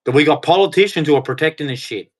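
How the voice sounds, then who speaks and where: A man's voice: fairly high pitch, fast. Heated man ranting. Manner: heated, swearing, emphatic. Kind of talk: angry ranting monologue.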